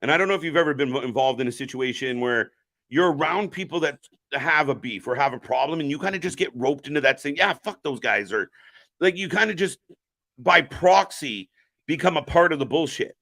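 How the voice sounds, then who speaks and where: Guy doing loose live stream commentary, bright voice, swears a lot, talks to chat. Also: fairly high pitch, animated, fairly quick. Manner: profane, rambling, jokey, chats with viewers. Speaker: live stream host reacting to wrestling.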